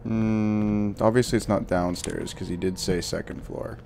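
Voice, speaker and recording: A young man commenting on his gameplay, swearing and ranting in frustration between quieter muttering. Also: on the low side, fairly even intonation, a little slow, creaky, slight background noise. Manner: angry, swearing, frustrated outbursts. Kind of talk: let's play commentary.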